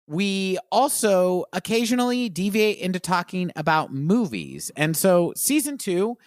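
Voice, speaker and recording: A man co-hosting a podcast, introducing the new season in an earnest, lively way. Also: high voice, a little slow, no echo, studio quality. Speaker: podcast co-host. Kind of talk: casual podcast chat.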